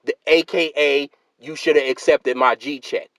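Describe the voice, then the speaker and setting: This YouTube host's voice sits on the high side and a bit bright, steady in tone and measured in pace. Emphatic and argumentative, he rants solo to his viewers, repeats himself, and calls listeners "fam" and "sister," all in dry, poor-quality audio.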